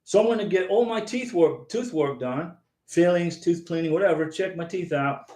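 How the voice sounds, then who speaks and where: A man's voice: high voice, normal speed, a little mellow, reverberant. A man hosting a live stream, chatting casually, reading out viewer comments and answering them by name. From United States. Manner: rambling, chatty, repeats himself, talks to viewers by name. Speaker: host of a live visa advice stream.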